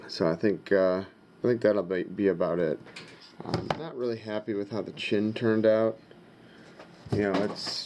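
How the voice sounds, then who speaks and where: Low-voiced man thinking aloud. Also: a little mellow, a little hiss or hum. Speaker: father vlogger. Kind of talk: casual vlog narration.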